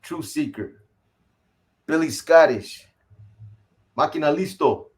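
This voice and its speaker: A man with a somewhat high speaking voice hosts a casual livestream. He rattles off viewer names one after another and drops easy slang greetings between them. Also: takes it slowly. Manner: rattles off viewer shout-outs, slangy, calls people boy. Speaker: livestream host.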